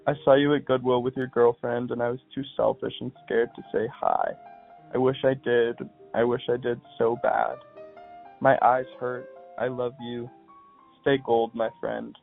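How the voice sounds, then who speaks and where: A young man, a podcast guest, speaking in a soft, halting, heartfelt way as he reads aloud and chats. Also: mid-range voice, flat delivery, gravelly. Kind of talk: reading aloud and casual phone chat. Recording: tinny phone line with faint music.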